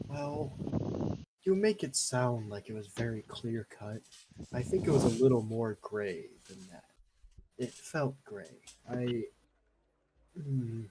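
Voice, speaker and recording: A man's voice: medium pitch, animated, takes it slowly, long pauses, noisy background. A man speaking as his character in a tabletop game, hesitant and wry with rambling asides. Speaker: player. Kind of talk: in-character tabletop role-play.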